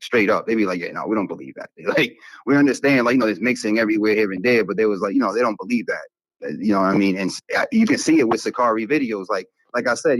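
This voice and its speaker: A man's voice: on the low side, dry recording, low-quality recording. A Dominican man talking casually as a podcast guest, rambling with many fillers and some profanity. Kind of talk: casual discussion.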